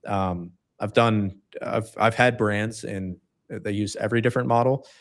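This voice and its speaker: A man co-hosting a livestream, telling a story in a rambling, casual way with many fillers. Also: on the low side. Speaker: livestream co-host.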